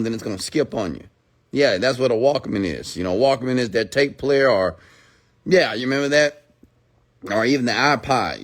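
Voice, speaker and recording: A man giving a motivational rant who talks emphatically, repeats his points and asks rhetorical questions. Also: mid-range voice. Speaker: motivational speaker.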